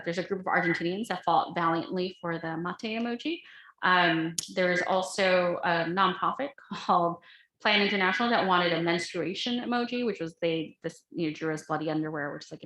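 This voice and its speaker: A woman's voice: on the low side, fairly quick, pushed and bright, echoey room, poor audio. A woman giving a casual, chatty lecture with slides, full of fillers and asides. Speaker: guest lecturer.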